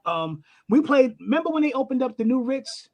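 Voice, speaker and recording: Middle-aged man, guest musician, high voice, animated, swears a lot. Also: fairly quick, muffled recording. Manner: animated, profane, acts out the voices in his stories. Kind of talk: storytelling in a casual chat.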